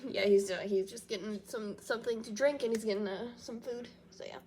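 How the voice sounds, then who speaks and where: A woman's voice: mid-range voice, steady tone, fairly quick, darkish tone. A woman hosting a reaction channel, chatting casually at home, rambling with lots of fillers and restarts. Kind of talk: rambling casual chat to camera. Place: small echoey room at home. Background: faint household noise, dog in background.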